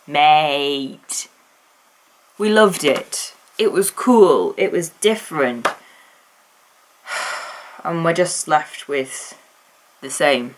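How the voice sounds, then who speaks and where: Low-voiced chatty woman. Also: expressive, slow, pauses often. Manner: enthusiastic, chatty, rambling with restarts. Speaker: vlogger. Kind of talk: casual opinion rant.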